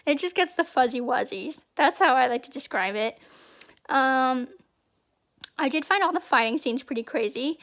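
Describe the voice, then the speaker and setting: Young woman, high voice, chatty rambling fan commentary, repeats herself. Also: lively intonation, moderate pace, a bit bright. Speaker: channel host.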